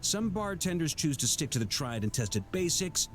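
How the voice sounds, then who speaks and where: An actor playing a hearty middle-aged knight grandmaster in a game, talking in a measured, formal, storytelling way. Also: male voice, a little high, big pitch swings, soft background music. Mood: genial. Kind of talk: game voice acting.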